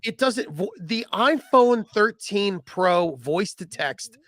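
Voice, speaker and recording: A man's voice: sits high, expressive, slow, fairly bright tone. A man in his forties co-hosting a retro gaming chat, joking and riffing on bits. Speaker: podcast co-host. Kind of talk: casual chat.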